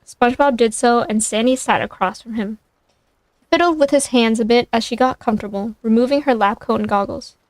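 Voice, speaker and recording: A woman streamer reads a story aloud in a casual manner, fixing her slips as she goes. Her voice sits a little high for a woman. It is recorded dry and close on a streaming mic. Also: no room sound. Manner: reads aloud with quick self-corrections. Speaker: streamer reading fan fiction.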